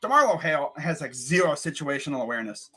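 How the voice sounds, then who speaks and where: A man's voice: a little high, fast, husky. A young man vlogging as a sports fan, ranting casually and swearing a lot. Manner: animated, ranting, swears and says bruh a lot.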